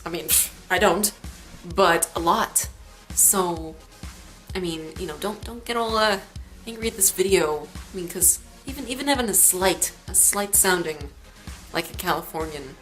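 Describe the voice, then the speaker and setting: Teen woman vlogger, lowish voice, dry sarcastic rant, faint music under it. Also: a bit bright, poor audio. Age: late teens. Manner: sarcastic, chatty, rambling. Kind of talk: ranting vlog.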